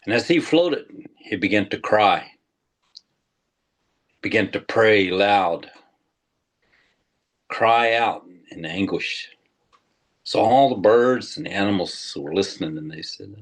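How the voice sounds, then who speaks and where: An older man, a tribal historian, telling a legend slowly and deliberately to an audience, with pauses. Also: low-pitched, expressive. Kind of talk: storytelling talk.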